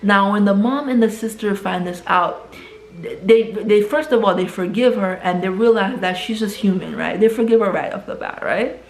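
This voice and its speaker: A woman casually retelling a film plot. She keeps adding "right?" and repeats words as she rushes ahead. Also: mid-range voice, slight background noise. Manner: tags nearly every sentence with "right?". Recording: roomy echo.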